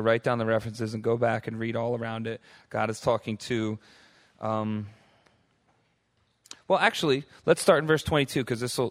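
A young man teaching a Bible study to a group in a casual way, leaning on "like" and "right?" and acting out the people he quotes. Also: mid-range voice. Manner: animated, acts out quotes with voices; fillers like "like" and "right?".

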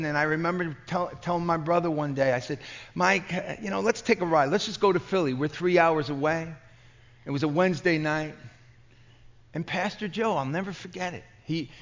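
A man with a New York accent preaching at a conference, telling stories with passion and frequent stammering restarts. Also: high voice. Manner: impassioned, stammering restarts, storytelling. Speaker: pastor. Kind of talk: conference sermon. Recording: dull lo-fi recording.

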